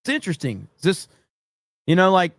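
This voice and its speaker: A man hosts a casual livestream, reacting with sarcasm and mock disbelief. His voice sits slightly high and sounds dry and close, with no room around it. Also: fairly quick, dry recording. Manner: sarcastic, animated, mock-quoting, chuckling. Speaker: livestream host.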